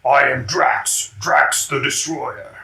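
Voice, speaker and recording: Man doing big alien warrior, booming, very slow and deliberate, low voice, echoey room. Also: vocal fry, crowd noise. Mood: proud. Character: hulking literal-minded alien male warrior. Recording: roomy echo.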